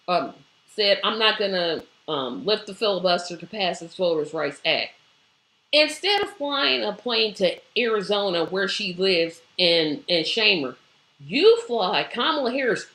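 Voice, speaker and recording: Bright-voiced woman live-stream host. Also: mid-range voice, expressive, normal speed, vocal fry, roomy sound, poor audio. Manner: emphatic and exclamatory, with rhetorical questions. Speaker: host of a live online show. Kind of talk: live-stream commentary, reading viewer comments.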